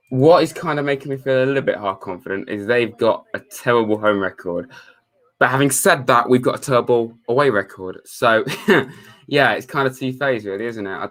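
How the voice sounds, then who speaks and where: Young male streamer, casual and chatty, slightly low-pitched. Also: a bit bright. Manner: chatty, reads chat messages aloud, laid-back. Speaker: live streamer. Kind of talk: casual live-stream chat.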